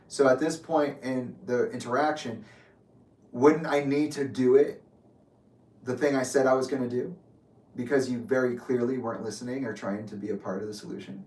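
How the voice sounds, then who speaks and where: A man's voice: medium pitch, darkish tone. Man telling a rambling personal story. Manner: rambling, filler-heavy, candid. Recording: roomy sound from a distant mic.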